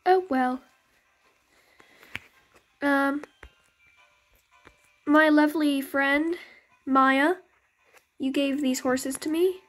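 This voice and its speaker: A woman's voice: high voice, extremely slow, pauses often, fairly bright tone. A young woman casually commenting on her game as its channel host, chatty and rambling, often correcting herself. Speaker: gaming YouTuber. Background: game music.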